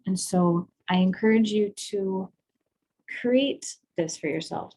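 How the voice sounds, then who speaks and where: A woman's voice: mid-range voice, darkish tone, rough recording. A woman leading an intimacy class from home, talking frankly and casually. She laughs easily as she explains and guides the listeners through breathing. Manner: candid, laughing, conversational. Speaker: sex and intimacy coach.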